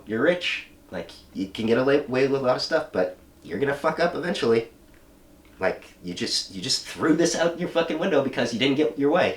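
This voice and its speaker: A man playing a calm, confident male superhero who sets blunt terms, in a casual retelling. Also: mid-range voice, pitched above the performer's own voice, natural voice. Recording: roomy room, mic at a distance.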